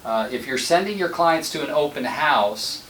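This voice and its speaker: A man's voice: fairly high pitch, lively intonation, moderate pace, a bit bright. A man who leads a real estate team, giving a casual sales training talk and telling anecdotes with quoted dialogue. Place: office meeting room, filmed. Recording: roomy sound from a distant mic, faint noise.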